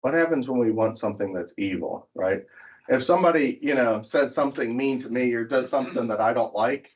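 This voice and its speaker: A man leads a church class in relaxed, conversational speech, mid-pitched. The recording is dull and lo-fi. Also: fairly quick. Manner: conversational, tells jokes with acted voices. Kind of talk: casual teaching talk with jokes.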